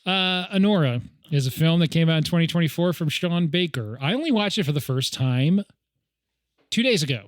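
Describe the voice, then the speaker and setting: Podcast man, rambling comic storyteller, slightly high voice, dry close mic. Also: expressive, moderate pace, dry recording. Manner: rambling, joking storyteller with many ums. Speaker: podcast co-host. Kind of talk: casual chat.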